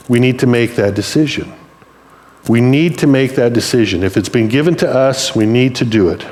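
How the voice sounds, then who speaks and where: An older man giving a sermon in a church, speaking plainly and conversationally as he tells stories. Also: mid-range voice. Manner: storytelling, conversational, plain-spoken. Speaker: preacher.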